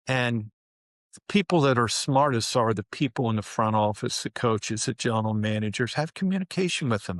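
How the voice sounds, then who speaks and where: Older male interview guest, animated storyteller, medium pitch, dry close mic. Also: moderate pace, no room sound. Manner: animated storyteller, heavy use of "you know" and "man". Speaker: guest, former pro basketball player.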